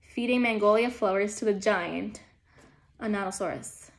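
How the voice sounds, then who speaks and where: A woman teacher reading a children's storybook aloud in a gentle, calm manner as she guides young listeners. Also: fairly high pitch, unhurried.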